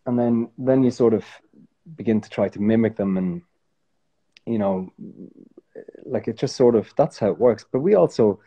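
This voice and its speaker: A man's voice: on the low side, normal speed, pauses often, husky, highs cut off. An Irish man who is a guest actor, chatting casually and rambling with lots of restarts. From Ireland. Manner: rambling, self-correcting, relaxed. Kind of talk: casual chat.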